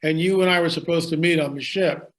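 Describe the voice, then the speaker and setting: A man quoting a cryptic woman in dark glasses who speaks in a hushed, confiding way, barely changing his own voice. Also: fairly high pitch, fairly even intonation, a little fast, lightly acted.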